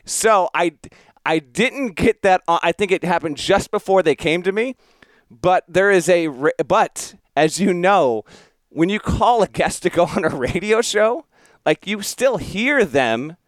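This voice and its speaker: A man's voice: high voice, expressive, unhurried, no echo, studio quality. A man hosting a podcast, telling a story in a casual, rambling way and laughing at himself. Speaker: podcast host.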